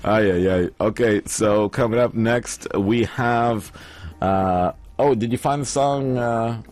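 A man's voice: mid-range voice, slow pace, darkish tone. A man hosting a casual radio show, chatting, laughing easily and reading out listener messages. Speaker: radio host.

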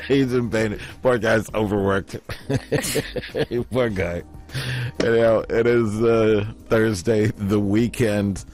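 A man's voice: on the low side, steady tone, slow pace, a little mellow, faint music behind. A man hosting a radio show in casual banter, reading listener messages aloud and joking around. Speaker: radio host.

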